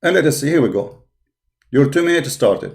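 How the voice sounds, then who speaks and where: A man's voice: medium pitch, expressive, fairly quick, gravelly, a little mellow. Male host, combative debate call, keeps repeating phrases. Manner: argumentative, interrupts, repeats phrases. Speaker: show host.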